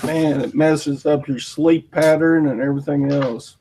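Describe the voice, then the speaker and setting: A man rambles on in a relaxed way on a group call. His voice sits a bit high for a man, and there is clear background noise on the line. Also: measured pace, rough recording. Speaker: chat participant. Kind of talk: casual group chat.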